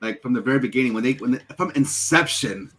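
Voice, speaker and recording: A man's voice: mid-range voice, lively intonation, fast, fairly bright tone, slight background noise. A man co-hosting a sports podcast, ranting in an exasperated way and using lots of filler words. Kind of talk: casual sports talk.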